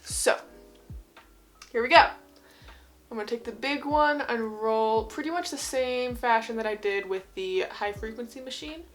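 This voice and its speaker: A woman's voice: a little high, moderate pace, soft background music. Bubbly young woman with a Utah accent. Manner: chatty, bubbly, rambling asides. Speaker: beauty vlogger. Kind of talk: casual skincare tutorial. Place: home, indoors.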